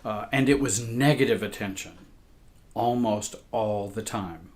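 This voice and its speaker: A man reading a personal account aloud in a measured, emotional way. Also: lowish voice. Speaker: therapist and show host.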